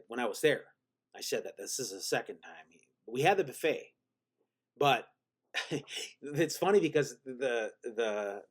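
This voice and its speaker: Male vlog host, rambling deadpan storyteller, mid-pitched, lots of restarts. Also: breathy edge. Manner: rambling, deadpan self-mocking, many restarts. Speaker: channel host.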